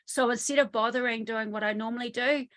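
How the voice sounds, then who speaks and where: Female trauma therapist, slightly high voice, lively storyteller, video-call interview from home. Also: quick pace. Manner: lively storytelling, often acts out quotes. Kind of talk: online summit interview. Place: home in the countryside.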